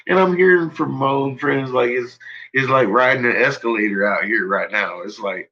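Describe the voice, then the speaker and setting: A man's voice: mid-range voice, moderate pace, pushed and bright, highs cut off. A man hosting a casual livestream, ranting with lots of swearing and frequent laughter. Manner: profane, laughs often, ranting. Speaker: livestream host. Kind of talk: casual rambling livestream talk.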